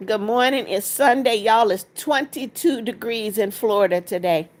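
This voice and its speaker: A woman with a slightly high voice hosts a casual livestream at a moderate pace. She greets each viewer by name, reads comments aloud, and keeps urging people to tap likes.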